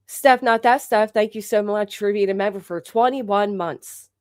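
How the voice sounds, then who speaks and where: A woman's voice: mid-range voice, normal speed, smooth, no echo, studio quality. A woman hosting a casual livestream who rambles with many restarts, swears freely, thanks members in the chat and has a sore throat. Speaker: livestream host.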